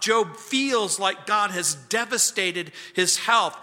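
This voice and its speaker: A pastor teaching verse by verse through a Bible book, earnest, sometimes dropping his voice to a hush. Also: high voice, normal speed, hardly any pauses. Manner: earnest, drops to a hushed voice at times. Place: church sanctuary. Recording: church hall reverb.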